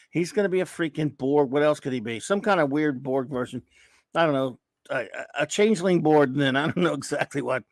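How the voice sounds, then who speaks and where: Higher-voiced man, blunt and sarcastic. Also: moderate pace, no room sound, clean studio sound. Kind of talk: casual chat.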